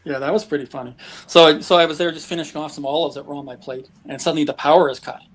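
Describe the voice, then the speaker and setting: Speaking in a slightly high voice at a racing pace, this Canadian guest recounts travel stories during a casual interview. His anecdotes are lively, and chuckles keep breaking through.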